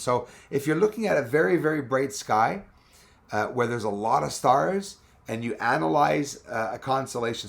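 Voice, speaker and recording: A man's voice: a little high, gravelly. A man hosting a live stream, chatting casually and rambling as he answers viewers' comments with frequent laughs.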